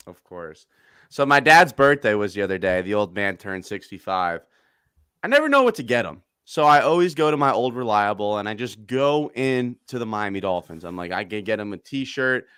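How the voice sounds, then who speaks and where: A man in his thirties hosting a casual sports chat, excitable and animated, breaking into quick bursts of excitement. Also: lowish voice, clear, resonant tone, dry recording, clean studio sound. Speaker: podcast host.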